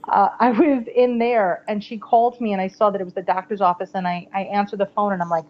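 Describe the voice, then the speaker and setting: A woman in her thirties, a podcast guest telling a personal story in a chatty, animated way, full of "like" and "you know". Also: medium pitch, fast talker. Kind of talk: casual storytelling interview. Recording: slightly dull podcast audio.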